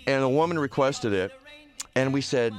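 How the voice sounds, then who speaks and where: A man with a hoarse voice hosting a talk radio show, joking and animated. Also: medium pitch, normal speed. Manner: jokey, animated. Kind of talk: casual radio banter. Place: radio studio.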